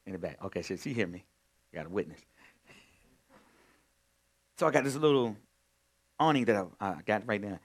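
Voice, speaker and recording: A male pastor preaching in a conversational way, moving from quiet storytelling to loud, emphatic points. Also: fairly low pitch. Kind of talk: sermon.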